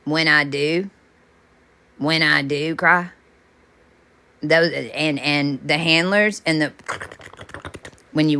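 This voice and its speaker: A woman's voice: deep voice, fairly bright tone, clear, resonant tone. A woman delivering a rambling spiritual monologue as a self-styled channeler, intense, repetitive and often profane.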